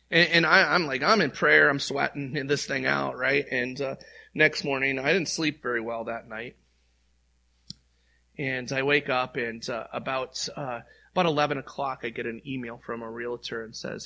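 Male pastor, middle-aged, bright forceful tone, earnest conversational sermon. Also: mid-range voice, fairly even intonation, normal speed, creaky. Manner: earnest, conversational, acts out prayers aloud with rising volume.

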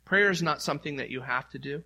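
A man's voice: on the high side, quick pace, gravelly, sharp tone. A middle-aged male pastor preaching in an earnest, conversational way, acting out heartfelt prayers aloud. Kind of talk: sermon.

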